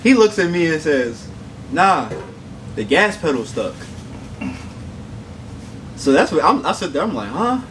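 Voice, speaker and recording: A man's voice: fairly high pitch, sing-song, unhurried, pauses often, a bit bright. A young man telling a funny road story, his voice rising and falling a lot as he gets into it. He talks in loose, slangy chat and laughs along. He sounds set back from the mic, with a faint hiss behind him. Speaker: mukbang co-host. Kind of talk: casual storytelling. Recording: distant mic with background noise.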